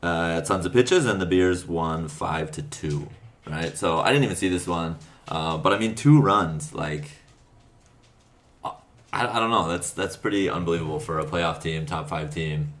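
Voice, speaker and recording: A man hosting a casual podcast chat, relaxed and rambling, laughing often. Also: low-pitched, normal speed. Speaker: podcast host.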